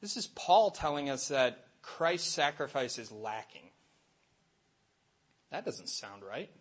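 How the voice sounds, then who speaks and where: A middle-aged man, a Catholic catechist, giving a lively faith talk to an audience and acting out little voices in his stories. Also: medium pitch, slow, slightly rough. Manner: animated storytelling, acts out voices and asides.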